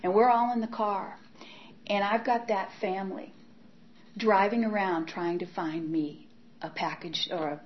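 A woman's voice: medium pitch, steady tone, measured pace, dull audio. A woman giving an emotional personal testimony about her past, acting out her old inner voice and at times dropping to a whisper. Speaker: speaker sharing a recovery story.

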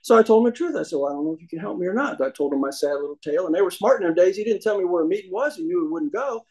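A man's voice: high voice, animated, very fast, a little mellow, poor audio. A man telling his recovery story to a meeting audience in a folksy, humorous way, acting out the voices of people he quotes.

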